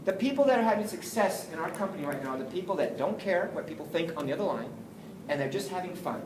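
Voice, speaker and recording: A man giving an energetic, jokey sales training talk to a live group, often acting out phone calls. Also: high-pitched, fast, recorded from a distance. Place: meeting room with an audience. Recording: echoey room, voice from afar, faint noise.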